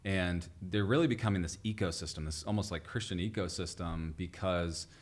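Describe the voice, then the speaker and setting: A man's voice: sits low, moderate pace. A man guest in an interview, telling stories with energy and acting out the people he quotes. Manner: animated storyteller, acts out quoted people. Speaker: guest entrepreneur. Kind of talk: storytelling interview chat.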